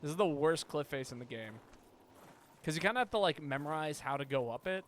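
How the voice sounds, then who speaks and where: A man's voice: fairly high pitch, expressive, fairly quick, a bit bright, slight background noise. A man streaming a video game, chatting casually and playfully, often stumbling over repeated words. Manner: playful, stammering word repeats. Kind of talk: casual live-stream chat while gaming.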